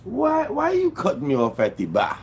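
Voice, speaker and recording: A man putting on a drunk, indignant Haitian man with a Haitian accent, complaining in a high, wailing voice that he was cut off at the bar. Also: normal speed, exaggerated voice. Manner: high wailing pleading, repeating himself. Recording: steady background noise with vehicle sounds.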